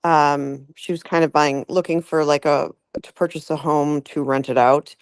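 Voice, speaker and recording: A woman's voice: low-pitched, normal speed, dry recording. A woman real estate agent telling a client story on a group video call, acting out what each person said. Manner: animated retelling, acts out quotes.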